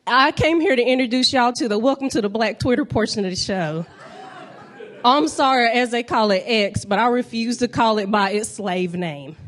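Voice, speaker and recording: A woman in her thirties from North Carolina with a Southern accent, doing a stand-up comedy set with animated crowd-work banter. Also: fairly high pitch, normal speed. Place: comedy club stage.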